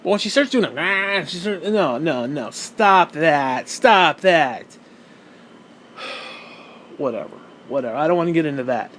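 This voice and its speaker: A man's voice: a little high, lively intonation, moderate pace, fairly bright tone, a little hiss or hum. A man ranting as a wrestling fan, heated, sarcastic and full of swearing. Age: adult who watched wrestling since the 1980s. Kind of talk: profane rant.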